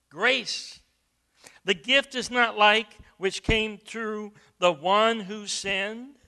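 A man preaching a sermon, emphatic, with repeated words and loud stressed phrases. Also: sits high, steady tone, extremely slow, clear, resonant tone.

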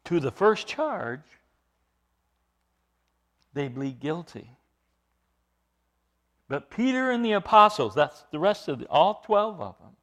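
A male preacher giving a sermon, emphatic, building up to loud stressed phrases and dropping to quiet asides. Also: on the high side, big pitch swings, slow, long pauses.

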